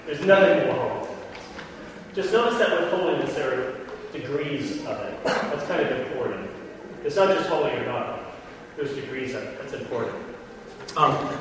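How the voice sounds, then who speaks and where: Male lecturer, slightly high voice, casual and chatty, keeps asking "right?"; echoey hall, faint room noise. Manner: chatty, checks in often with "right?". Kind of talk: informal classroom lecture.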